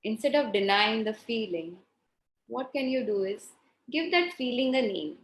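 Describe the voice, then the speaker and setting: A middle-aged woman leads a parenting workshop in a fairly high voice, turning to her listeners with questions. She acts out little exchanges between parent and child as she teaches. The sound carries the echo of a reverberant room. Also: animated, normal speed. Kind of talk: live workshop lesson.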